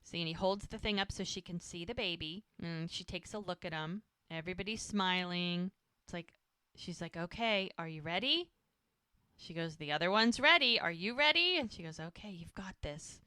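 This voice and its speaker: A woman's voice: lowish voice, moderate pace, sharp tone, clear, resonant tone, no room sound. A woman co-hosting a rewatch podcast, eagerly retelling scenes and acting out the characters' lines in casual chat. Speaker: podcast co-host recapping a show.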